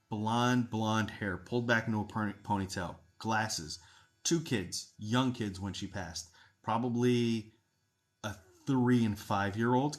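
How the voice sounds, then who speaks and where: A man hosting a live stream as a psychic medium, chatting with viewers, thanking them and describing what he senses in a steady, explanatory way. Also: fairly low pitch. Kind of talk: casual live-stream chat with readings.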